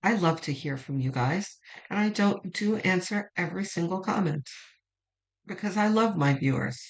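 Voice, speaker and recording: A woman's voice: fairly low pitch, expressive, normal speed, poor audio. A woman giving a weekly tarot reading in an informal vlog, chatty and emphatic, swearing for emphasis and cheering her viewers on. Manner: emphatic, fired-up encouragement. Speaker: tarot reader.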